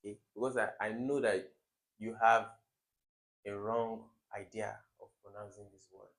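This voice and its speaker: A man's voice: fairly low pitch, flat delivery, normal speed. A young man tutoring English for exams, emphatic, repeating words and quizzing the viewer. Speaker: exam tutor. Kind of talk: recorded exam-prep lesson.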